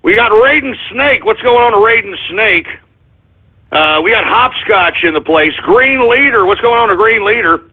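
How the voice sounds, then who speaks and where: Man, radio host, comedic rant, exasperated, high lively voice, tinny lo-fi sound. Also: moderate pace, slightly rough. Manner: exasperated, swings between muttering and shouting. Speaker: internet radio show host. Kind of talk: comedic ranting radio monologue. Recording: tinny phone-like lo-fi audio.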